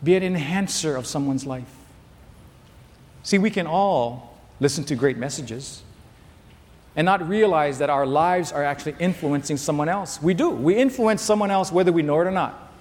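A man's voice: a little high, expressive, normal speed, darkish tone. A man preaching a sermon to a large congregation, emphatic and direct, recorded in a big hall. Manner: emphatic, pointing at listeners. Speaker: pastor. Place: large church hall with tent overflow. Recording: long hall reverb.

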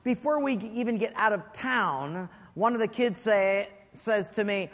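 A man with a very high voice preaches a sermon, acting out his stories and breaking into comic shouts. He sounds like he is in a large hall with a long reverb trailing his words. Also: normal speed, few pauses. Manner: animated storyteller, acts out voices and shouts for comic effect. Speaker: pastor.

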